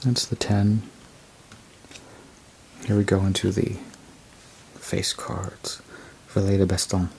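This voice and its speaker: A man casually reviewing a tarot deck, rambling and unhurried as he describes each card. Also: low-pitched, flat delivery, vocal fry, a little mellow, slight background noise. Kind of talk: casual show-and-tell review.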